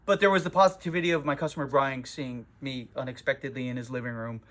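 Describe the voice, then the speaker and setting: A man's voice: medium pitch, steady tone, fast, fairly bright tone. A man who runs a comic shop, venting in a casual vlog with a profane, self-mocking manner, recorded in his shop.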